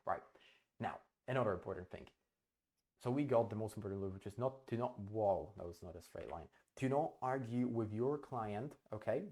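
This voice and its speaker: A man's voice: fairly low pitch, lively intonation, a little fast, a little mellow. Blunt, swearing man giving business advice. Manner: blunt and emphatic, swears freely, repeats himself for stress; acts out client dialogue as he explains. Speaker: host. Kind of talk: direct-to-camera business advice.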